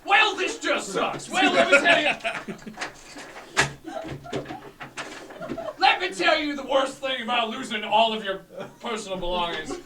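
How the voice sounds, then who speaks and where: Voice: high-pitched, expressive, moderate pace, heavy background noise, voice pushed up. A player voicing a rambling male catfish-like potion peddler in a tabletop game, with frantic huckster patter. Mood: despairing. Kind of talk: tabletop role-play. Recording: roomy, distant mic.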